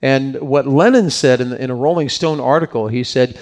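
A man giving a conversational sermon at a moderate, middle-of-the-road pitch. He meanders through stories, breaks off for asides, and repeats words as he gathers his thoughts. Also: normal speed, a little mellow. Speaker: pastor.

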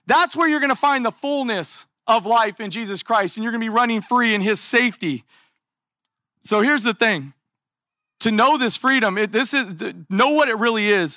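High, bright-voiced animated male preacher. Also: dry recording, studio quality. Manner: animated, conversational preaching with rhetorical questions. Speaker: pastor. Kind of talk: sermon.

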